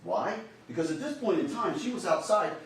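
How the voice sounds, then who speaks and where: A man's voice: sits high, expressive, normal speed. A man arguing a case to a jury in a large courtroom, speaking with emphatic urgency. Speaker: trial attorney. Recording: very echoey courtroom audio from a distant mic with faint hiss.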